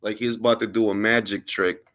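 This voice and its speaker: A man's voice: fairly low pitch, flat delivery, fairly quick, a bit bright. A man hosting a casual boxing podcast, telling stories in slangy English with Spanish phrases thrown in. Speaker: podcast host. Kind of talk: casual panel chat.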